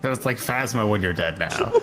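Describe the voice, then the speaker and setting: A man's voice: on the low side, animated, a little fast, a bit bright. A man chatting casually with a streamer as a fellow player on voice chat. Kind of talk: casual chat over voice call.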